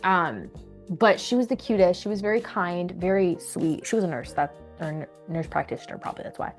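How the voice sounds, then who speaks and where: A young woman telling a personal story to camera in a candid, animated way, acting out what people said. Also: on the low side, a little fast, soft background music. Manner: candid, animated retelling with acted quotes. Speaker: vlogger.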